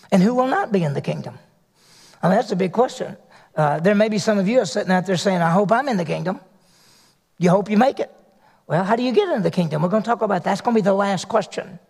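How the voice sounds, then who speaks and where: A man's voice: high voice, vocal fry, darkish tone. A male pastor, preaching a sermon to his congregation in folksy storytelling style. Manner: folksy storytelling with acted quotes. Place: church hall. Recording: long hall reverb.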